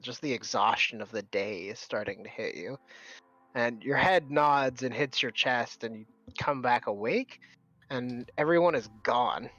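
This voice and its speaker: A male game master narrating a tabletop game scene. He talks in a relaxed, hedging way, full of fillers, at a middling pitch. The recording sounds dull and lo-fi. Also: no echo.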